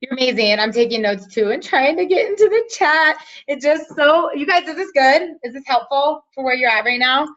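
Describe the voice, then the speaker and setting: A woman hosting and coaching a team call, animated, acting out little scenes with lots of fillers. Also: high voice, normal speed, hardly any pauses. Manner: animated, acts out quotes, says like and you know a lot. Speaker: team leader and call host. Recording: muffled lo-fi call audio.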